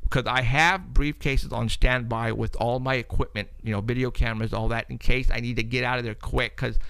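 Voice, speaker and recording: A man's voice: mid-range voice, fairly even intonation, fairly quick, gravelly, fairly bright tone, clear, resonant tone, dry recording. A man hosting a paranormal talk show, telling a long story in a rambling way, repeating words and laughing often.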